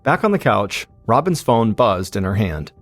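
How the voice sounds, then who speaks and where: A man narrating a true-crime story in a steady, suspenseful scripted style as podcast host. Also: on the low side, moderate pace, dry recording, soft background music.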